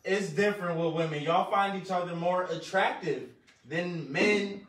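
A calm man mediating in a casual podcast conversation, agreeing with both sides. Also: sits high, moderate pace. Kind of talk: casual chat. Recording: roomy sound from a distant mic.

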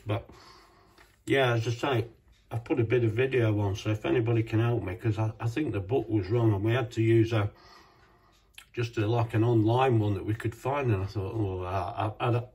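A man with a dark, mellow voice, chatting away in a casual home cooking vlog. He talks to himself and to his viewers, tasting food between remarks. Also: lowish voice. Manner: chatty, self-talking, talks with mouth full.

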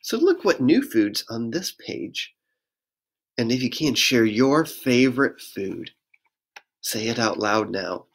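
A man, a pastor, reading a children's picture book aloud in a gentle sing-song voice and inviting young listeners to join in. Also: mid-range voice, very animated, slow pace.

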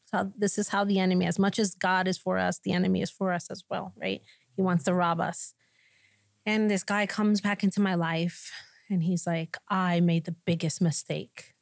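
A woman with a fairly low voice tells her story as a pastor on a podcast. She tells it with animated storytelling, and her voice is recorded close and dry. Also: moderate pace, vocal fry, no room sound. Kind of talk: personal testimony in podcast conversation.

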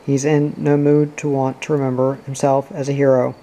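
Flat, gravelly, dark male reader. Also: medium pitch, normal speed, low-quality recording. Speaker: audiobook reader. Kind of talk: scripted narration of a novel.

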